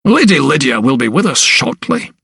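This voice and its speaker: A man's voice: big pitch swings, moderate pace, pushed and bright, slightly rough, no echo, clean studio sound, full character voice. A man voicing an elderly male asylum principal who is arrogant and dismissive, speaking in a raised, condescending tone in an audiobook. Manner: condescending, pitched higher.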